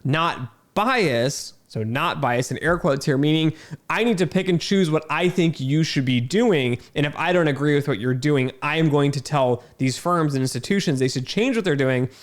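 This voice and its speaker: A man delivers an exasperated talking-head rant, his voice sitting a little high for a man. He talks emphatically and incredulously, restarting sentences and repeating words as his irritation builds. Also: lively intonation, normal speed. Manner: emphatic, repeats himself, many fillers and restarts. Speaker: video host.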